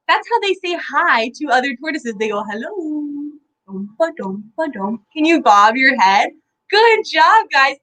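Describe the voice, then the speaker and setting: A young woman hosts a children's lesson about animals, her voice high and swinging up and down in a lively, sing-song way. She keeps asking young viewers questions and leads them in playful sound effects. Her voice is a touch hoarse. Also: low-quality recording. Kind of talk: live kids' lesson with animals.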